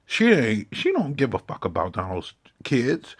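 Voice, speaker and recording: A man's voice: mid-range voice, huge pitch swings, normal speed, breathy edge. A man giving an impassioned, confrontational monologue, swearing heavily and lecturing his listeners. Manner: preachy, confrontational, heavy swearing.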